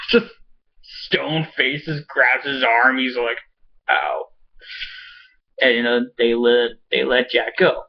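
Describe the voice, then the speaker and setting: A man casually recapping a TV episode at home, excitable and swearing, rambling with lots of fillers. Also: mid-range voice, slow pace, vocal fry, dull audio. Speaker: show reviewer. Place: home with a pet cat.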